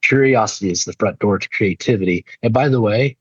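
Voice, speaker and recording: Man, middle-aged, husky, low-pitched, earnest preacher-like speaker, dull dry recording. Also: fairly quick, dry recording. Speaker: leadership speaker. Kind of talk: inspirational keynote storytelling.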